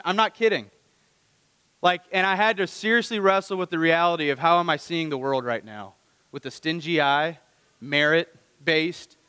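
Male pastor, bright and forceful, preaching with lively rhetorical questions; dry close mic with a long hall tail. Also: fairly high pitch, smooth. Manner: animated, rhetorical questions to the congregation. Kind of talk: sermon.

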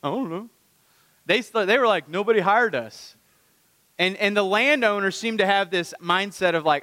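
A man preaching a sermon to his congregation, animated and full of rhetorical questions. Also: sits high, moderate pace, long reverb tail. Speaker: pastor.

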